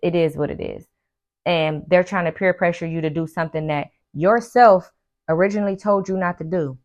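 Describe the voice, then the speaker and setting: A woman's voice: fairly low pitch, darkish tone, muffled recording. A woman hosting a podcast, giving casual motivational advice in an emphatic, preachy way, repeating her key phrases and acting out what her friends say. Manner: acts out friends' lines in quick asides. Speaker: podcast host and life coach.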